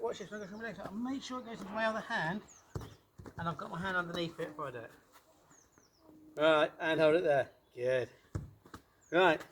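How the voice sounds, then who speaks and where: A man coaching children through a ball drill on an outdoor pitch, encouraging and playful. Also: a little hiss or hum.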